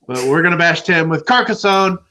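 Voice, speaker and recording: Guy co-hosting a board game stream, bright tense voice, jokey and teasing. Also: a little high, expressive, a little fast. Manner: teasing, jokey, blunt dismissals. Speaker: board game show co-host. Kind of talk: casual livestream chat.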